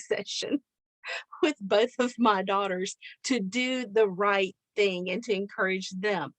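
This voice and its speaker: A middle-aged woman hosting a podcast, telling a story in a casual, animated way, laughing often and putting on voices for the people she quotes. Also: mid-range voice, dry recording. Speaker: podcast host.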